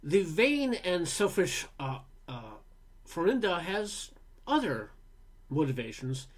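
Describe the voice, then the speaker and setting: A man from Canada narrating a film review in a relaxed, wry, casual way, with fillers. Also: sits high, slow pace. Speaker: film critic.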